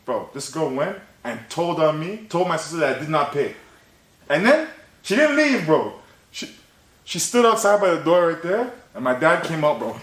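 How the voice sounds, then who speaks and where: A young man hosting a podcast, telling a story in casual chat, animated and laughing, with "bro" in nearly every line. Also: fairly high pitch, normal speed. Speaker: podcast host. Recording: roomy echo, faint noise.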